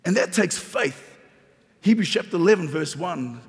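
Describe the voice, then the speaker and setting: A man's voice: sits high, animated, normal speed, creaky. A man preaching a sermon as pastor, repeating phrases and building emphasis. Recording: long reverb of a large hall.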